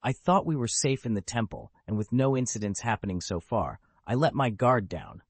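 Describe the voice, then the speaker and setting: A man's voice: medium pitch, sing-song, moderate pace, slightly rough, no echo. A man voicing a male temple teacher and fighter who speaks urgently in an audiobook. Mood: alarmed. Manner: urgent, alarmed.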